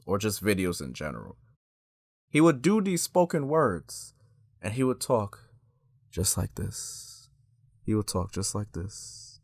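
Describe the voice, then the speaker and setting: A man's voice: medium pitch, a bit bright, no room sound, clean studio sound. A man giving casual, emphatic commentary as a YouTube host and talking straight to his viewers.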